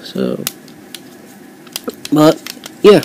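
A man casually reviewing a toy he customized at home, rambling with many fillers and quick apologies, sometimes drifting off the mic as he handles it. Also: darkish tone, a little hiss or hum, rough recording.

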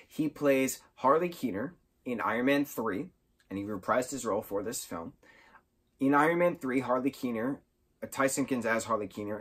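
A man giving a casual, excitable spoken recap of a film, rambling and sometimes losing his train of thought. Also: mid-range voice, breathy edge. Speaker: movie reviewer.

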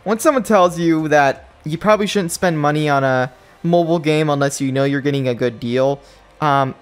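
A man's voice: on the high side, moderate pace, smooth, faint music behind. A young man giving exasperated commentary while opening mobile game packs, ranting and jumping up in disbelief.

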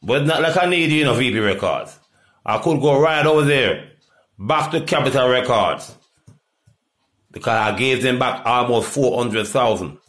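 A middle-aged Jamaican man in a rambling, profane monologue that swings from loud outbursts to low mutters. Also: animated, moderate pace. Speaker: reggae artist.

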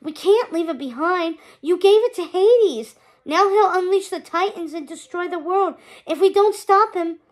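Storybook heroine, earnest and urgent, high and loud, read by a woman. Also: moderate pace, hardly any pauses. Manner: urgent, pleading. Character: anxious earnest young heroine.

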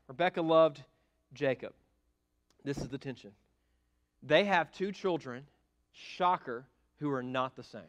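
Animated, emphatic male pastor preaching. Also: fairly high pitch, measured pace. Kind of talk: sermon. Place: church sanctuary.

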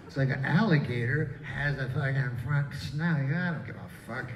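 A male stand-up comedian performing live on a casino stage, deadpan and rambling, with profane asides. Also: mid-range voice, normal speed, heavy background noise. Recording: echoey far-off live room with audience.

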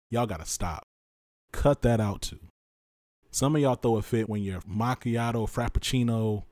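A man hosting a solo podcast, talking with passion and frustration, repeating his points for emphasis and swinging between loud stress and tired, quiet drops. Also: medium pitch, dry recording, clean studio sound. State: exhausted and frustrated. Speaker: podcast host.

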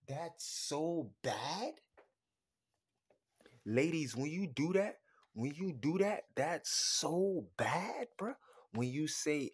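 A man hosting a podcast, ranting bluntly and crudely, swinging between muttering and loud outbursts. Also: fairly high pitch, sing-song, measured pace, husky. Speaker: podcast host. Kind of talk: casual podcast rant.

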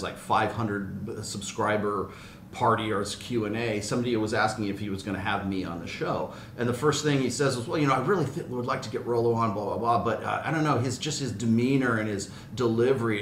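A man arguing his point as a guest in a heated debate, in a measured, insistent way. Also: lowish voice, slight background noise. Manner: measured, argumentative. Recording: roomy room, faint ambience.

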